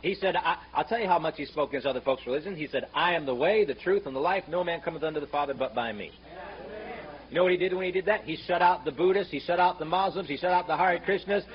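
A man's voice: on the high side, quick pace. Fiery man preaching, muffled recording. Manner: fiery, rising to shouts on scripture quotes; sarcastic, mocking. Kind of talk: sermon. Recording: muffled, slightly noisy sermon recording.

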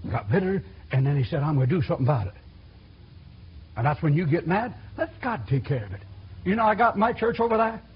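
A man preaching a sermon in a church, folksy and animated, acting out quotes with sudden loud outbursts. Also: high-pitched, husky. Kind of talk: sermon with storytelling. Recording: dull lo-fi recording.

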